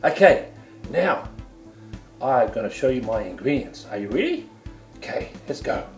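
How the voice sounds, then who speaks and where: A man's voice: mid-range voice, sing-song, moderate pace, echoey room, soft background music. A man with a New Zealand accent hosting a goofy comedic cooking show from his home kitchen, full of playful sing-song exclamations.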